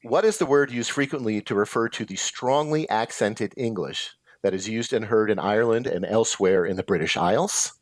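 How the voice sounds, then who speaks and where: A man's voice: on the low side, moderate pace, few pauses, no room sound. A man hosting a pub trivia game, reading out questions and chatting about the answers. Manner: chatty, adds background facts after answers. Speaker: trivia quiz host.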